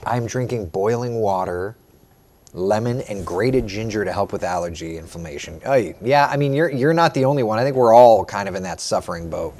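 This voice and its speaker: A meteorologist hosting a casual live morning chat, reading viewer comments aloud and answering them. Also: male voice, lowish voice, animated, brisk, darkish tone. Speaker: meteorologist host.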